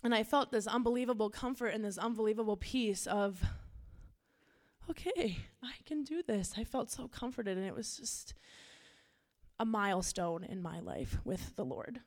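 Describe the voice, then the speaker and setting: A woman's voice: medium pitch, moderate pace. A woman youth pastor from Minnesota giving an earnest, casual sermon with personal storytelling.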